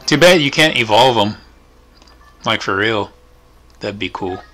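A man's voice: fairly low pitch, expressive, measured pace, pushed and bright, faint music behind. A man hosting his gaming channel, talking casually over gameplay and rambling with lots of fillers and trailing thoughts. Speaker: channel host.

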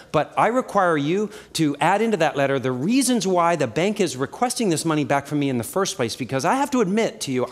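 A man from Oregon performing a comic one-man stage monologue, telling his story in an animated, frantic way. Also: a little high. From Oregon, USA. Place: live theater with audience. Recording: long reverb of a live theater.

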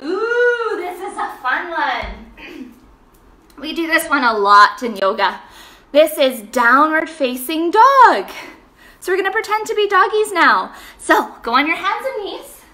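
A woman's voice: sits high, big pitch swings, unhurried, pushed and bright, recorded from a distance. A woman teaching children yoga, playful and sing-song, with animal noises and cheers. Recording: echoey room, voice from off-mic.

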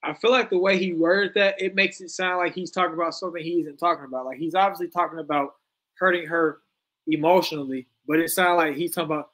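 A man giving joking, animated reaction commentary as a stream host, laughing often. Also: a little high, fast talker.

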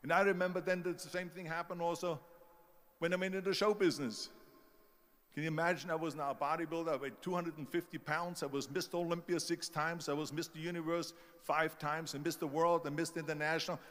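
A man's voice: a little high, steady tone, quick pace, a bit bright, long reverb tail. An older man with a German-speaking Austrian accent, giving an emphatic motivational speech with stories. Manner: storytelling, emphatic, mimics doubters.

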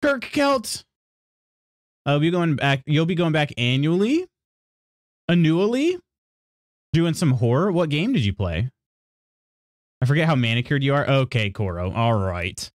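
A man's voice: medium pitch, lively intonation, moderate pace, no room sound, clean studio sound. A man streaming and chatting casually with his viewers. He rambles, apologizes, restarts sentences and laughs often as he reads chat aloud.

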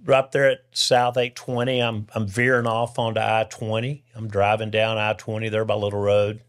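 A man's voice: lowish voice, normal speed. A man, a podcast guest telling a personal faith testimony and acting out the people he quotes. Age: 60s. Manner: lively storyteller who acts out the people he quotes.

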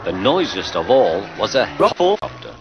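A man's voice: on the low side, sing-song, moderate pace, background noise. A man narrating a crude parody of a children's train story and putting on voices for the characters. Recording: dull lo-fi audio with loud music.

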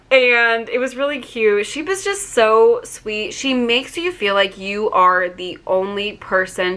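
A woman's voice: mid-range voice, sharp tone. A young woman telling a story to her camera, gushing and rambling with lots of fillers and restarts. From Virginia. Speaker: vlogger.

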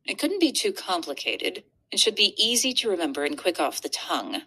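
A woman narrating a children's book aloud. Her reading is expressive and animated, with a lively, wide-ranging pitch. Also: brisk, husky. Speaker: reader. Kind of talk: storybook narration.

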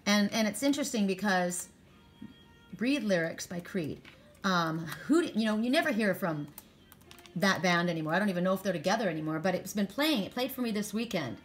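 A woman's voice: mid-range voice, lively intonation, a little fast, faint music behind. A woman doing a spiritual card reading for viewers, talking in a rambling, encouraging way with frequent restarts. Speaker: tarot and oracle card reader.

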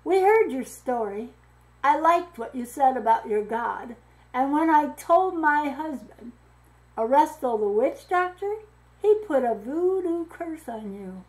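A woman reading as a firm, steady mother. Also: high-pitched, a little slow, rough recording. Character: firm, calm mother, wife of a witch doctor.

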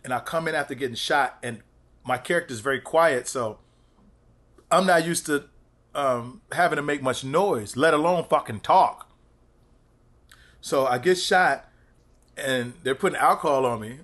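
A man, a comedian and actor, telling stories as a podcast guest, animated and profane, acting out quotes and laughing often. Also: mid-range voice, measured pace, long pauses. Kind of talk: casual chat, storytelling.

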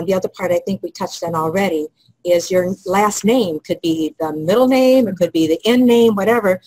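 A woman on a webinar panel explaining business etiquette in a measured, instructive way. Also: lowish voice, a little mellow, no room sound, poor audio. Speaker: protocol expert panelist.

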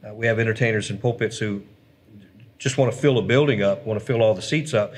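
A man's voice: on the low side, fast. Pastor guy talking earnest on a church stream, reading comments out. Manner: earnest, preacherly, reads viewer comments aloud. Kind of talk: casual church livestream chat.

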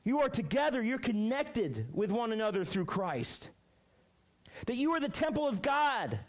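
A young man with a notably high voice preaches to middle schoolers. He tells stories in an animated, rambling way, full of fillers, and then moves into plain Bible teaching. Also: normal speed. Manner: animated storytelling, many fillers. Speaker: youth pastor. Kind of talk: youth sermon with personal story.

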